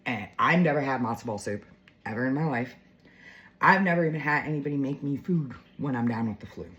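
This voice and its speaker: A woman's voice: extremely low pitch, animated, a little fast, a bit bright, muffled recording. A woman in her forties telling a heartfelt story to her viewers in a chatty, emotional way, full of fillers. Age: 40s. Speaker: vlogger.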